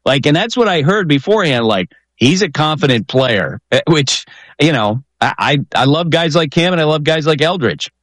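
A man's voice: a little high, big pitch swings, normal speed, a bit bright, no echo. A man hosting a sports talk show, chatting in a conversational way with fillers.

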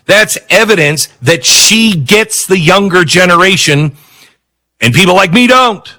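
A man hosting a political talk show, giving animated, sarcastic commentary with frequent chuckles. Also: fairly high pitch. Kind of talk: opinionated commentary.

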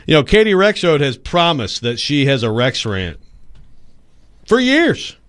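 A man's voice: fairly high pitch, very animated, measured pace, a bit bright. A man co-hosting sports radio in casual banter, rambling and joking, often cutting himself off mid-sentence. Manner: rambling, self-interrupting, joking.

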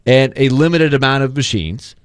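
A man's voice: mid-range voice, moderate pace, clear, resonant tone, no echo. A man co-hosting a sports radio show, chatting casually and rambling with lots of fillers from a studio. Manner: rambling, animated, full of fillers.

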